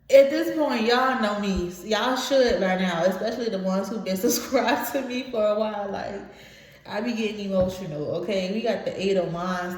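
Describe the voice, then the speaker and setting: Echoey, blunt, emotional woman tarot reader. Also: mid-range voice. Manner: emotional, blunt, swears freely. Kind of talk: casual tarot reading to viewers. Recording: very echoey room.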